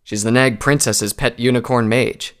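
A man's voice: mid-range voice, lively intonation, a little fast, fairly bright tone. A man voicing a male pony recruit who is derisive and mocking toward his comrades, in an audiobook reading. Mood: sneering. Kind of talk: audiobook character voice.

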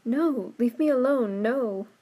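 A woman reading a fairy tale aloud, voicing a frightened but brave young heroine who stammers and tries to stay calm. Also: mid-range voice, brisk, natural voice, poor audio. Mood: terrified. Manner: timid, stammering, then bold. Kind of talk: storybook reading.

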